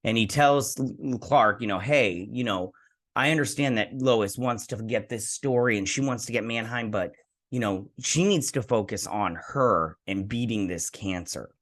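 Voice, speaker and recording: A male TV review host recaps an episode in a lowish, fairly bright voice at normal speed. His casual retelling rambles, packed with fillers and "he's like" quotes.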